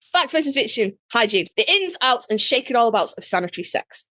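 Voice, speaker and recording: A woman's voice: fairly high pitch, very animated, fairly quick, sharp tone, no echo. Blunt, joking woman host. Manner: blunt, joking, swears freely. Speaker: podcast host. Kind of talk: casual chat.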